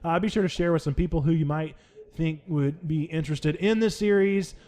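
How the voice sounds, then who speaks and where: A young adult man hosting a let's play, talking over the game in playful mock outrage with big swings in pitch. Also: brisk, dark tone. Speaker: gaming channel host.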